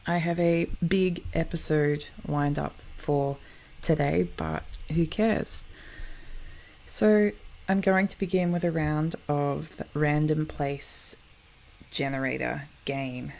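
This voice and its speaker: A woman's voice: sits low, gravelly, a little mellow. A woman hosting a geography show, chatting casually over map footage and often correcting herself.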